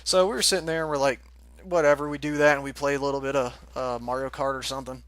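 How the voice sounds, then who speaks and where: A man's voice: mid-range voice, flat delivery, fast, fairly bright tone, no room sound. A young man casually telling a rambling story, laughing often and swearing freely. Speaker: forum moderator telling a story.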